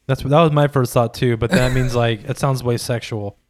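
A man's voice: medium pitch, steady tone, normal speed. A man co-hosting a casual podcast, joking around with crude banter. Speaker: podcast co-host. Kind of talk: casual group chat.

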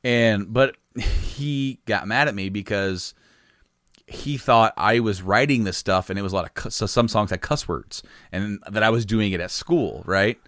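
A man in casual chat, telling a story and quoting others in animated voices, often laughing as he goes. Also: fairly low pitch, a little slow, dry recording, clean studio sound. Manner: laughs through his story, quotes people in animated voices.

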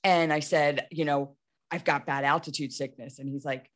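A woman's voice: sits low, fairly even intonation, moderate pace. A woman in her thirties hosting a podcast, telling a story animatedly with lots of restarts and "like". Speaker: podcast host. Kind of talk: casual storytelling conversation.

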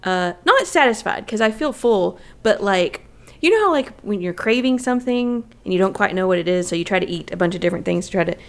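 A woman from Illinois co-hosting a casual podcast, talking in a relaxed, rambling, slightly hesitant way. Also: mid-range voice, brisk, creaky. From Illinois, USA. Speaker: podcast co-host. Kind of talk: casual chat.

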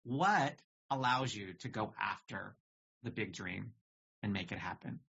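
A man in a podcast conversation, talking in quick bursts and laughing easily. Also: fairly low pitch, gravelly, pushed and bright, husky. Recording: dull lo-fi recording.

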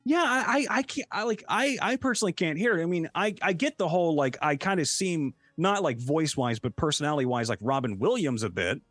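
A man's voice: on the high side, brisk, few pauses, no room sound, faint music behind. A man chatting casually as a streamer, telling stories with lots of swearing and laughter. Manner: animated storyteller, jumps into quoted voices; swears freely, laughs often. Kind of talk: casual chat.

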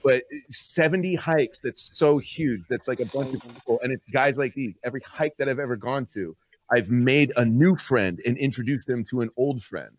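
A man's voice: mid-range voice, moderate pace, no room sound. A man talking as a podcast guest, boisterous and joking, with a lot of swearing. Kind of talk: casual podcast chat.

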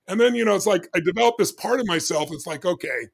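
A man in his early sixties who speaks in a voice pitched well above most men's. He tells a personal story with lots of energy as an interview guest, acting out each exchange he remembers. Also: fast, vocal fry, slightly rough. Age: 60s. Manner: animated, acts out dialogue with doctors.

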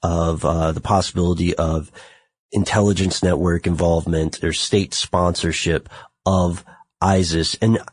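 Deep husky American man, podcast host. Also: level tone, unhurried, no room sound. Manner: thoughtful, turns self-mocking in banter. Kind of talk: podcast conversation.

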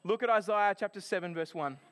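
A man delivers a sermon in a high, light voice. He tells his story in an animated, chatty way. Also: brisk. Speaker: preacher.

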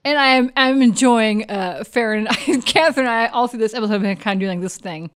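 A woman player chatting casually about the game, giggly and animated. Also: a little high, a little fast, very noisy. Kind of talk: casual chat.

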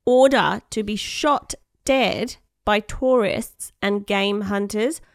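Casting: giggly woman podcast host, mid pitch, close dry mic. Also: takes it slowly, dry recording. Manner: giggly, storytelling. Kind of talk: casual chat.

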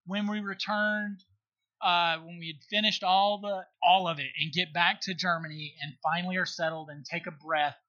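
Middle-aged man, high bright voice, emphatic storyteller who keeps checking in with his listener. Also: steady tone, normal speed, muffled recording. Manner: earnest, emphatic, checks in with rhetorical questions. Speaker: guest. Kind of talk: conversational storytelling.

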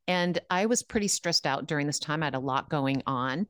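Low-voiced woman with a smooth, dry sound. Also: a little fast, few pauses, no room sound. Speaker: host. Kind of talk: casual storytelling. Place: home room.

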